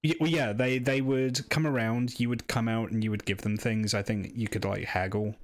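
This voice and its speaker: A man's voice: medium pitch, fairly even intonation, normal speed. A man giving casual game commentary, rambling and hesitant with a wry edge. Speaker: streamer.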